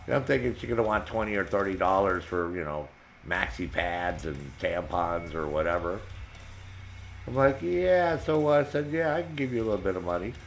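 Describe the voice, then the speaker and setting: A man telling a profane, animated story while streaming a game. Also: sits low, a little fast, slight background noise, poor audio. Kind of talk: casual storytelling while gaming.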